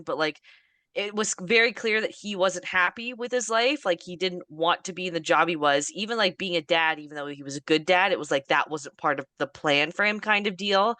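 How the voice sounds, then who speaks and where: A woman co-hosting a casual movie review, explaining her take in a relaxed way. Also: fairly low pitch, no room sound. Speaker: podcast co-host.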